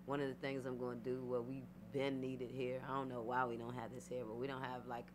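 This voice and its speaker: A woman's voice: a bass voice, brisk. A woman guest artist, talking casually and animatedly in a radio interview with lots of fillers. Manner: rambling, animated, many fillers. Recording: steady background hum.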